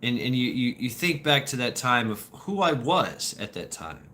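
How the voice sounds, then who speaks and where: Bright-voiced man, halting live stream chat. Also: medium pitch, sing-song. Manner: halting, repeats words, laughs often. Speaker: streamer answering viewer questions.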